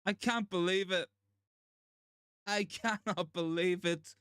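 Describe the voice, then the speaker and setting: Man, fan host, live football watchalong, excitable, stammering, slightly high voice, dry close sound. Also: slow, clean tone, no echo. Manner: excitable, stammering, repeating himself in disbelief. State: shaken and overwhelmed.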